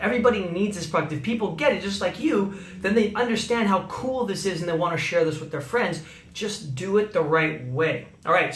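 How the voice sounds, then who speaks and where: A man's voice: high-pitched, fairly bright tone. Upbeat coaching man in echoey room. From Canada. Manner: upbeat coaching, frequent "okay?" check-ins. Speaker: sales trainer. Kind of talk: recorded training talk.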